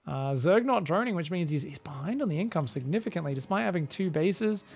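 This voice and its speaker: A man casting viewer-sent game replays in a casual, joking commentary style, often laughing and getting excited. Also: on the high side, fairly quick, creaky. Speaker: game caster.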